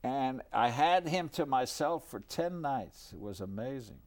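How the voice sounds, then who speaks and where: An older man recounts a personal story with an animated, sweeping delivery. His pitch rises and falls a great deal, and his voice sits at an ordinary male pitch, neither high nor deep. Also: unhurried. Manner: lively, animated storytelling, drops low for asides. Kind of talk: anecdotal storytelling.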